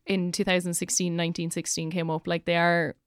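A woman's voice: lowish voice, flat delivery, a little fast, smooth, no room sound, clean studio sound. A young woman teacher with an Irish accent, chatting casually on a podcast and filling her speech with "like". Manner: chatty, lots of "like" fillers.

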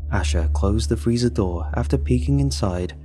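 Brief: low-voiced man, steady dry storytelling narration, faint music behind. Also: moderate pace. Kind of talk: first-person story narration.

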